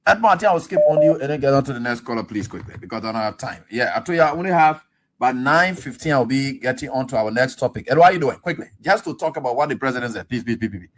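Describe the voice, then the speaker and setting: A man hosting a call-in radio show, talking fast and pushy. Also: mid-range voice, animated. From Liberia.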